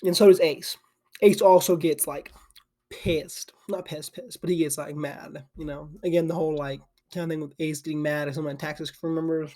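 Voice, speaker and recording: Chatty young man, higher-pitched. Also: fairly even intonation, brisk, mellow. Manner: loose and chatty, full of "like" and restarts. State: sleepy and yawning. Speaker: anime channel host. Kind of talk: casual rambling retelling. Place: home desk with a camera.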